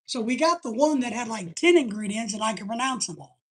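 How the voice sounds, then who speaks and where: A woman's voice: fairly high pitch, animated, fairly quick, husky. A woman hosting a live stream in casual chat, rambling and chatty as she reads viewer comments aloud.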